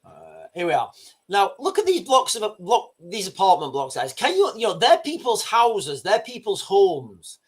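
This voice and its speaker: A man's voice: sits high, wildly swooping pitch, unhurried, breathy edge. A man hosting a livestream, rambling and often restarting while talking straight to his viewers. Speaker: livestream host. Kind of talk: livestream commentary.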